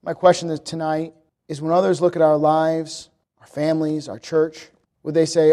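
A young male preacher with a high-pitched voice delivers a sermon. He speaks emphatically, returning again and again to a refrain. His style is direct and energetic. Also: normal speed. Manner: emphatic, repetitive preaching with acted quotes.

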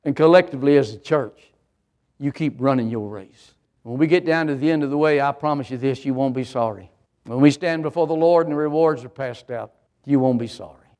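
A man's voice: medium pitch, brisk, darkish tone. An older man, a pastor, preaching a sermon with an emphatic, repetitive cadence.

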